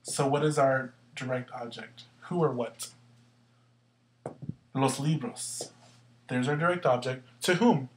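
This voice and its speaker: A man teaching a language lesson step by step, asking questions and answering them himself and slowly sounding out words to show where the stress falls. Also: medium pitch, background noise. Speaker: Spanish teacher. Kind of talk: explaining grammar step by step.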